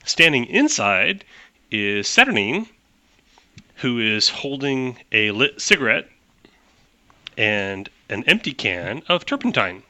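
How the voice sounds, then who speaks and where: A man narrating as game master of a tabletop game, talking in animated quick bursts with restarts. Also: medium pitch, no echo.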